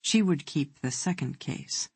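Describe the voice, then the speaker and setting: Audiobook narrator, thriller reading, measured, husky, dry close sound. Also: mid-range voice, lively intonation, no echo.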